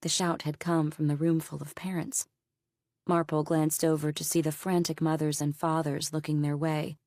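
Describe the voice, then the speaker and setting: A woman narrating a mystery audiobook in a steady, even storytelling manner. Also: sits low, normal speed, no echo, clean studio sound.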